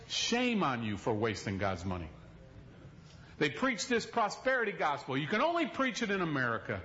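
A middle-aged male pastor preaching an animated sermon, swinging between loud stretches and hushed ones. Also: on the high side, normal speed, lo-fi sound, slight background noise.

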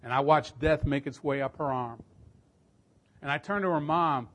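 A middle-aged man preaching a storytelling sermon, emphatic and swelling louder at key points. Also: a little high, normal speed.

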